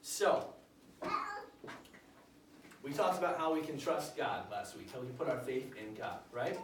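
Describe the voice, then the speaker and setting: A man teaching children a Bible lesson, acting out the characters with bursts of loud shouting. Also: medium pitch, lively intonation, a little slow. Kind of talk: animated Bible story lesson for kids. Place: church classroom with children. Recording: echoey room, distant mic, noisy.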